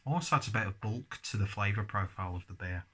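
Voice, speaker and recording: A man with a husky, low-pitched voice reviews beer and food in a relaxed, chatty way. His tone is forceful and bright, and he often keeps talking between bites. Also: fast. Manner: chatty, talks while chewing. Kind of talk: casual tasting review.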